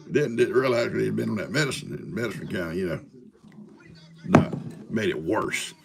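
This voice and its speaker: A man's voice: lowish voice, expressive, unhurried, vocal fry, heavy background noise. A man in his seventies hosting a live stream, telling folksy farm stories to his viewers and chuckling through them. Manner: folksy, chuckling yarn-spinner. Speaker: livestream host. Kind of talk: casual storytelling to live viewers.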